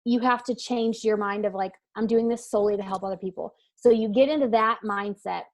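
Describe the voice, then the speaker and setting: A woman's voice: mid-range voice, fairly even intonation, fairly quick. A woman weight-loss coach answering interview questions in a casual, earnest, emphatic way, with frequent fillers and restarts.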